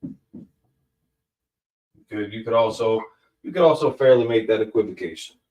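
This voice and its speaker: Speaking slowly with fillers and self-corrections, this male Hebrew teacher thinks aloud while casually walking through grammar. He has a fairly low, slightly mellow voice with lively intonation, and the echoey room leaves him sounding far from the mic.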